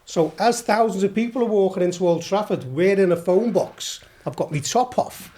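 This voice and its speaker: Middle-aged Scouse bloke, raised voice, spins wild yarns with plenty of swearing and laughter. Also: male voice, sits high, normal speed. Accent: Liverpool Scouse. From Liverpool, England. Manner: animated, swears a lot, laughs while telling. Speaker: podcast guest. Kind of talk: storytelling anecdote.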